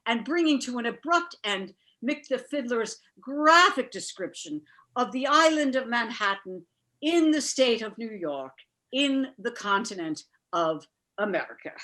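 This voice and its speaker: A woman with an Irish accent telling a folksy story to a live audience over a video call, lively and playful. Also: fairly high pitch, measured pace.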